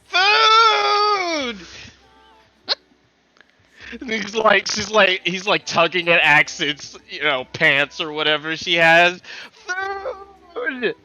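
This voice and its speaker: A man playing a tabletop role-playing game, describing his character's actions in halting, restarting speech. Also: a little high, steady tone, bright, forceful tone, dry recording, muffled recording, soft background music. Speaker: player. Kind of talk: casual play chat.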